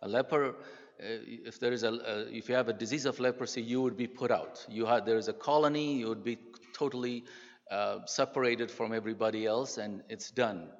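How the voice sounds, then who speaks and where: An older man, a pastor, preaching a sermon in a church in an earnest, halting way. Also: medium pitch, steady tone. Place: church sanctuary. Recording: dull sound with long hall reverb.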